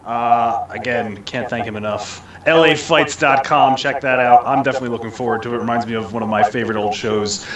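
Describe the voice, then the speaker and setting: A man's voice: mid-range voice, fairly even intonation, brisk, few pauses. A man co-hosting a podcast, signing off the show in a casual, upbeat and jokey way. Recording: echoey, distant audio with music behind.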